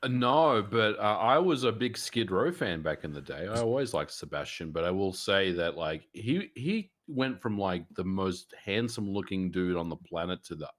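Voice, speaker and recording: Deep-voiced laid-back male co-host. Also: lively intonation, moderate pace, hardly any pauses. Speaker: podcast co-host. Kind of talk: casual chat.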